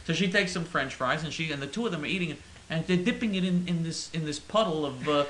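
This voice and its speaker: A man's voice: on the high side, fast talker, a bit bright, reverberant, slight background noise, low-quality recording. A man ranting in character in a comic monologue, rambling and stammering with mock-earnest indignation. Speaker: comedic caller in character.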